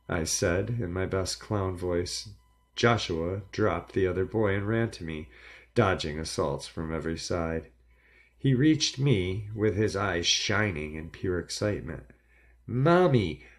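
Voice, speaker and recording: A man reading a first-person horror story aloud in a measured, dramatic storytelling delivery. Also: deep voice. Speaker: narrator.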